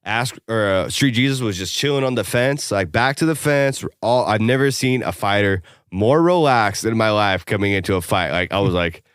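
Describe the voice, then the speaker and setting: Low, clear-voiced man telling a fight story. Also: normal speed, few pauses, a bit bright, no echo, studio quality. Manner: rambling, profane storytelling with many fillers. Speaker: podcast co-host. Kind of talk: casual chat.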